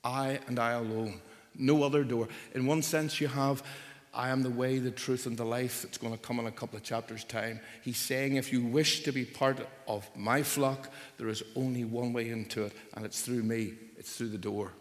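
A male preacher delivering a sermon in a church hall, his mid-pitched voice ringing with long reverb. He talks with strong emphasis, climbing loud on key phrases and sinking quiet at their ends. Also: steady tone, moderate pace. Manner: emphatic, rises and drops for stress.

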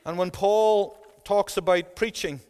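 An earnest man delivers a sermon, pressing his points home through emphatic repetition. His voice sits high for a man. A long reverb from the church hall trails behind every phrase. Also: fairly even intonation, a little slow, a little mellow, clean tone. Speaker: preacher.

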